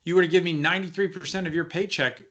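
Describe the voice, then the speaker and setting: A man's voice: high voice, fairly even intonation, quick pace, a bit bright, dull audio. A man co-hosting a leadership podcast as a coach, talking casually and emphatically, often asking rhetorical questions.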